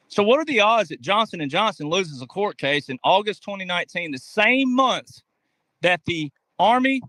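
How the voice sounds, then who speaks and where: A man's voice: high voice, bright, forceful tone, no echo. A man delivering a political commentary monologue, emphatic and talking straight to his audience, acting out quotes in mocking voices. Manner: emphatic, addresses audience directly.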